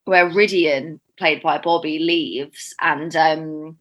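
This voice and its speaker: Slow and steady, with a low, somewhat bright voice, a young actress chats as a guest in a casual interview held over video call. Emotion runs through her talk, and she laughs through her tears.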